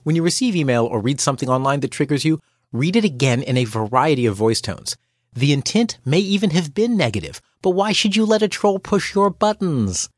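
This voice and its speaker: Man, host and coach, playful scripted delivery, very lively pitch. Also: a little fast, no room sound, clean studio sound. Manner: wry, playful, acts out quoted voices. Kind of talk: scripted podcast narration.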